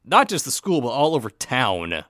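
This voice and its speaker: A man's voice: mid-range voice, sing-song, moderate pace, fairly bright tone, no room sound, studio quality. A man co-hosting a casual podcast, recapping a plot with a wry tone. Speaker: podcast co-host. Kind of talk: casual chat recapping a TV show.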